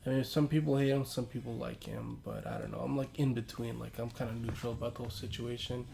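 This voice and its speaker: A man's voice: medium pitch, fairly even intonation, fast, creaky, mellow, slight background noise. A young man co-hosting a casual podcast chat, laid-back and hedging his opinions. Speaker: podcast co-host.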